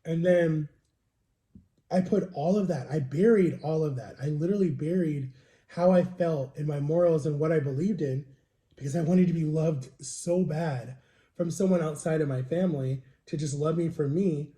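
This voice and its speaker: A man's voice: on the high side, moderate pace, dark tone. Rambling man in an echoey room. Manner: confiding, rambling personal story. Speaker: vlogger. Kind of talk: casual storytime vlog. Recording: roomy, echoey home recording.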